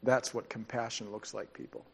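A man preaching a sermon as pastor, speaking conversationally and dropping into quiet, emphatic asides. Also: on the low side, big pitch swings, moderate pace, gravelly, husky.

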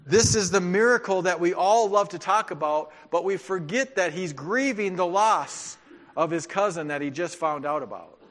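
A male pastor delivers a sermon in a conversational way, his voice sitting a little higher than most men's. He often drops into quiet, emphatic asides to press a point home. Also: normal speed.

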